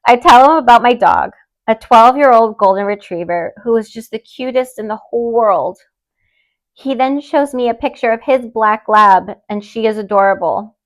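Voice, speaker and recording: A young woman hosting a podcast, reading listener stories aloud and chatting in an expressive, openly emotional way. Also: fairly high pitch, moderate pace. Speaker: podcast host.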